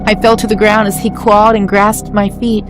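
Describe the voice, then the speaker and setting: Woman telling a scary story in first person, measured and dramatic, mid voice, soft music under it. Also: medium pitch, flat delivery. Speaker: story narrator. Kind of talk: scripted first-person horror narration.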